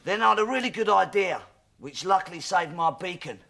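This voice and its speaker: A man's voice: high-pitched, animated, fairly quick, gravelly, sharp tone, heavily acted. An actor playing a hapless, muddled man who rambles hesitantly, full of ums and restarts, in a sitcom. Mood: rambling. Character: hapless, muddled adult man, easily flustered. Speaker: pub regular. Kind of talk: sitcom acting.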